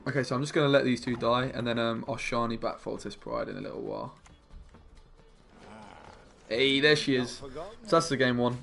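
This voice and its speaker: A man's voice: mid-range voice, steady tone, a little fast, creaky, pauses often, fairly bright tone, faint music behind. A young man streaming a card game, chatting casually with his viewers and muttering about his plays. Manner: chatty, laid-back, mumbles asides to himself.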